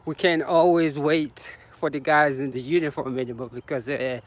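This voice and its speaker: A man jogging outdoors along a road, slightly out of breath as he talks. His voice sits a little high, and his speech is reflective and motivational, broken up by easy laughs. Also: steady tone, moderate pace. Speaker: vlogger. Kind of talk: talking to camera while jogging. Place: outdoors on a road beside traffic.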